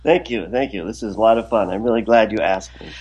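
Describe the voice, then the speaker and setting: A middle-aged man, a composer, talking as a guest in a casual podcast interview in a relaxed, friendly, conversational way. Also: lowish voice, quick pace, slightly rough, muffled recording.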